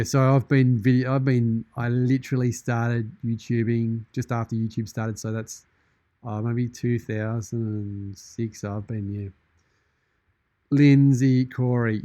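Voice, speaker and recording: An Australian man hosting a live stream in a shark persona, chatting casually and deadpan while reading out viewer comments from his studio. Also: mid-range voice, no echo. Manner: jokey, deadpan, in-character banter. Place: studio with green screen.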